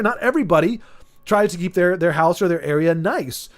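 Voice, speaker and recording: Man on a livestream, fairly high voice, rambling and jokey, faint music behind. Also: a little fast. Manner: rambling, animated, jokey, often restarts sentences. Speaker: streamer. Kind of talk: casual chat on a livestream.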